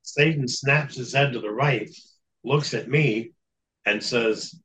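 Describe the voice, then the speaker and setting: A man's voice: mid-range voice, slow, a bit bright, slight background noise, low-quality recording. A man speaking as a guest in an interview, telling a long story in an earnest, matter-of-fact way. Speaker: guest recounting exorcism experience.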